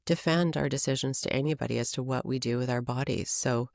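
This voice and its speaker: Gravelly middle-aged woman, frank podcast co-host. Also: very deep voice, a little fast, no echo, studio quality. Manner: relaxed, agreeable, frank and swearing. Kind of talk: casual chat.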